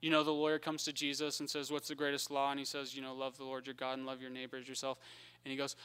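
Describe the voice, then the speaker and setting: Smooth-voiced man teaching a sermon. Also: mid-range voice, monotone, a bit bright. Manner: conversational, acts out Bible characters in quick voices. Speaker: preacher.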